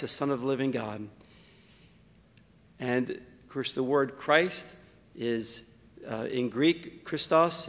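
A man, a priest, preaching a homily with wry asides, slowing down to stress key points. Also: medium pitch, fairly bright tone, in a large hall. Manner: slows down for emphasis, wry asides.

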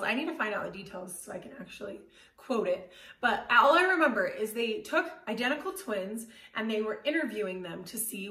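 Candid woman storyteller, echoey and distant. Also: medium pitch. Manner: candid, animated, self-deprecating with casual fillers. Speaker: motivational speaker. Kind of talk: personal storytelling talk. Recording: roomy echo, voice from far off the mic.

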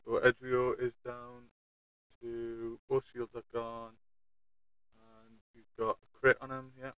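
A man's voice: medium pitch, completely flat delivery, slow pace, sharp tone, smooth, no echo, poor audio. A man with a Northern English accent keeping score aloud in a casual chat among gamers, often trailing off. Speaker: stream host and scorekeeper.

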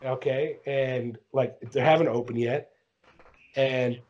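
A man's voice: mid-range voice, fairly even intonation, slow, a little mellow, dull audio. A man co-hosting a podcast, telling a rambling story in casual chat and saying "dude" constantly. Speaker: podcast co-host.

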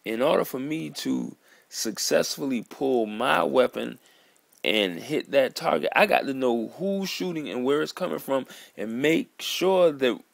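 A man in an earnest, halting vlog monologue, sitting at home at his computer. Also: medium pitch, expressive, gravelly, no echo. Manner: earnest, halting, repeats words and calls listener "man". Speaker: vlogger. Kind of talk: emotional monologue to camera.

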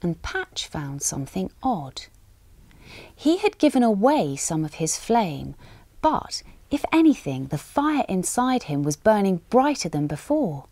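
A woman reads a children's story aloud in a lively, sweeping voice that climbs for excitement and drops to near-whispers. The recording is close and dry, with no room sound. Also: medium pitch, unhurried, dry recording. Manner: expressive, dramatic with hushed moments.

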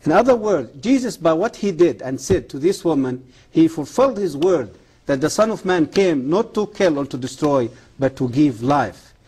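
Husky guy w a mellow voice, earnest, preachy, broken english, interview guest. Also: fairly high pitch, animated. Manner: earnest, halting non-native English grammar; preacherly appeal to the camera. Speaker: guest, former Islamic professor.

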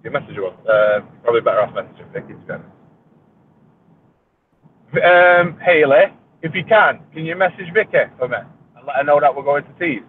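A man's voice: a little high, expressive, a little fast, pauses often, phone-quality sound, a little hiss or hum. A man hosting a casual live stream from a car, joking, laughing and swearing casually. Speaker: reefing channel host. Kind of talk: casual live-stream chat while driving. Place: car on the road.

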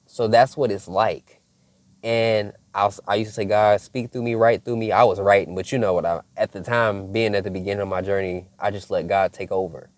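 A man speaks in a relaxed, conversational way, sharing a personal spiritual testimony and calling his viewers y'all. His voice sits a little low. The sound is dry, with almost no room echo. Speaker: faith content creator. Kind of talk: casual spiritual testimony to camera.

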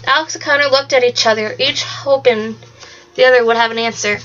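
A woman's voice: a little high, fairly even intonation, a little fast, a bit bright. Woman reading a novel aloud, lo-fi. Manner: plain reading, some stumbles and restarts. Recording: dull lo-fi recording.

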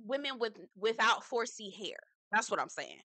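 A woman's voice: a little high, sing-song, normal speed, pushed and bright, no room sound. A woman giving a casual, slangy reality TV recap, swearing freely, laughing at her own points and calling the listener "girl".

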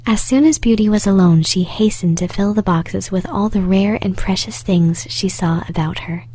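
A woman softly reading a fairy tale in a slow, soothing, breathy whisper. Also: mid-range voice, no echo. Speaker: storyteller. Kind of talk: whispered storytelling.

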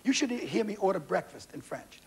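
A man in his sixties, a guest comedian on a TV talk show, telling stories with animated delivery and put-on voices. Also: sits high, a little fast, a little hiss or hum. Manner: animated, shouting punchlines, mimicking voices. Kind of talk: comic storytelling on a talk show. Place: TV studio with audience.

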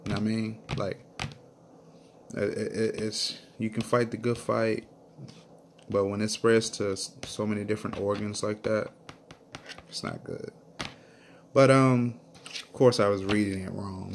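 A man with a low, gravelly voice speaks slowly in a personal video diary. His storytelling is earnest and emotional, and a faint background noise sits under his voice. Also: steady tone. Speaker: vlogger.

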